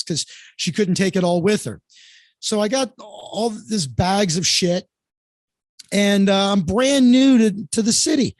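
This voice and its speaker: A man's voice: high-pitched, slow, no room sound. A man from Florida, a comedian guest, telling a story in a loose, casual way, full of fillers and restarts.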